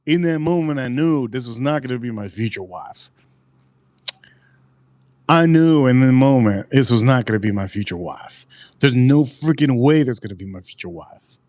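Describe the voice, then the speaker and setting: A man hosting a live stream and telling a personal story in an animated, profane way, often repeating his lines. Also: mid-range voice, normal speed, dry recording.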